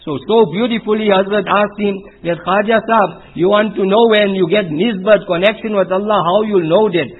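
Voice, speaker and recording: A man's voice: high voice, fairly even intonation, brisk, hardly any pauses, slightly rough. A man giving a religious talk at a spiritual retreat, telling stories and mixing Urdu religious terms into his English. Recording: tinny phone-like recording.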